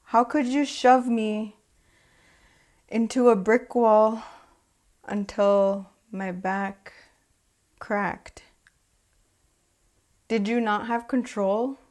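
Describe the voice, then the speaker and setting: A woman performing a spoken word poem with a measured, deliberate delivery and long pauses. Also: a little high, darkish tone. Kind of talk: spoken word poetry recitation.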